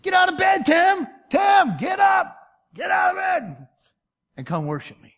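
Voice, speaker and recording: A man putting on the voice of God shouting at a sleeper to get out of bed and come worship. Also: very high-pitched, wildly swooping pitch, fast talker, some chatter behind, pitched above the performer's own voice, exaggerated voice. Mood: insistent. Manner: shouting, insistent.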